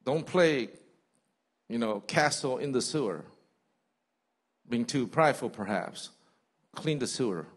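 Man, pastor, sermon, lively pitch, conversational preaching, quoted asides. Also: a little slow, long pauses. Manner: animated preaching, mimics people in quoted asides. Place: church sanctuary.

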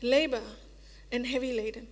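A woman with an Indian English accent delivers a sermon in a high voice, earnest and deliberate. She repeats key phrases and slows right down on quoted words. Her voice rings with the long reverb of a church hall. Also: fairly even intonation. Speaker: preacher. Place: church sanctuary.

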